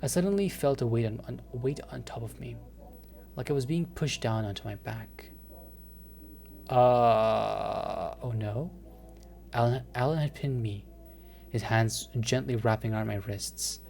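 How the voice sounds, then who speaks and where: A man's voice: medium pitch, a little slow, gravelly, pauses often, a little mellow, a little hiss or hum. A man reading a visual novel aloud, breaking off into flustered, jokey, stammering commentary. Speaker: gaming video creator.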